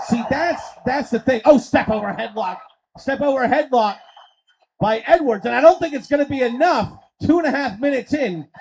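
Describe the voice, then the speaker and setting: A man calling wrestling play-by-play on a live stream, excitable and profane, swinging into shouts. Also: very high-pitched, a little hiss or hum, poor audio. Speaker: play-by-play commentator.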